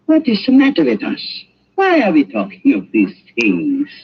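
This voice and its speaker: An actor playing a nervous, fawning German doctor with a German accent who stammers, in an old radio drama. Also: male voice, high-pitched, wildly swooping pitch, normal speed, slightly rough, heavily acted. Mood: earnest. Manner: stammering, anxious, ingratiating. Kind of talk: 1940s radio drama acting. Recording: dull lo-fi old radio recording, faint hiss.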